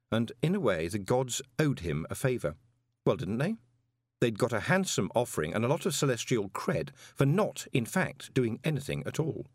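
A man narrates an audiobook in an expressive, storytelling manner. His voice is medium-pitched at a normal speed, recorded at studio quality with no echo.

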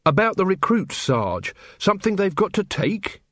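A man performs an exaggerated character voice, pitched above his own, as an earnest, dutiful young corporal who speaks politely and eagerly. The voice is high and a bit bright with big pitch swings at a moderate pace, captured in clean studio sound with no echo.

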